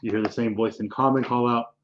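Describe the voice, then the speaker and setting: A man's voice: medium pitch, steady tone, fast, dull audio. A man running a tabletop game as game master, narrating loosely with swearing and restarts.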